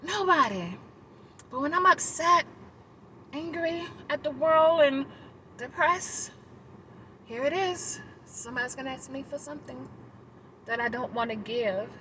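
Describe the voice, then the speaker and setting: A woman vlogger telling a personal story to her viewers, animated and laughing, then reflective. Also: unhurried, pauses often, a little hiss or hum, low-quality recording. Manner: animated, laughing, high-pitched exclamations; reflective, talking to the audience. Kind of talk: casual storytelling to camera.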